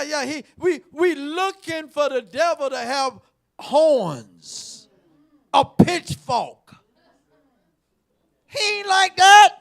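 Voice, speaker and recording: Shouting, gravelly preacher. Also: male voice. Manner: emphatic, repeats words, swings from shouts to low asides. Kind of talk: sermon.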